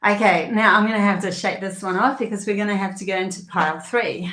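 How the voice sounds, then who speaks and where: A woman's voice: mid-range voice, steady tone, fast, a bit bright, roomy sound. A woman giving a live-streamed tarot reading, chatty and emotional, laughing often between many fillers. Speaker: tarot reader and channeler.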